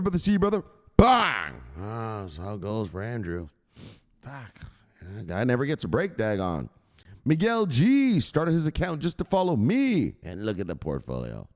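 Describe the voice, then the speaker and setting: A man hosting a crypto news livestream, chatting with viewers in a loud, profane, excitable way. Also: medium pitch. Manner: profane, excitable, shouting "bang!" often.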